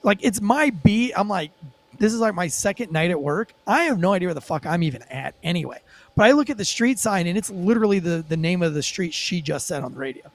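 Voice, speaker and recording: A man, a former police officer, telling a story as a guest in a casual podcast interview, animated and profane with lots of fillers. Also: high-pitched, quick pace, dry recording.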